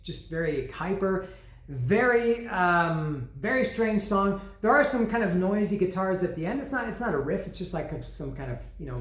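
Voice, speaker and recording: A man's voice: fairly high pitch, roomy sound. A man giving a casual, rambling album review, often restarting his sentences and poking fun at his own explanations.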